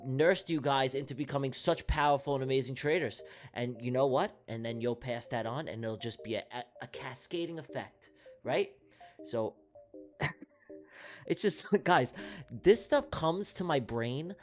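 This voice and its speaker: A man hosting a trading livestream, talking in a rambling, affectionate, repetitive way. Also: on the high side. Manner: rambling, affectionate, repeats himself. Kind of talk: casual live-stream chat.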